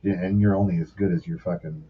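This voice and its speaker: A man's voice: deep voice, fairly even intonation, fast talker, slight background noise. A man guesting on a casual podcast chat, talking bluntly with lots of swearing. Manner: blunt, profane. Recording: dull lo-fi sound.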